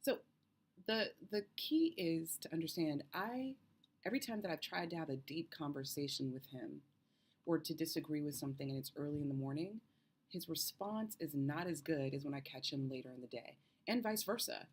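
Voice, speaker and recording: A woman's voice: low-pitched, moderate pace, breathy edge. A woman health coach in her thirties, explaining advice to camera and checking in with the viewer with a frequent "okay?".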